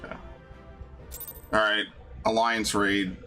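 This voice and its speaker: A man's voice: fairly low pitch, little pitch movement, slow pace, bright, forceful tone. A man streaming a video game, talking casually in a profane, grumbling, ranty way. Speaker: gaming streamer. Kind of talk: casual live-stream commentary. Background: game music.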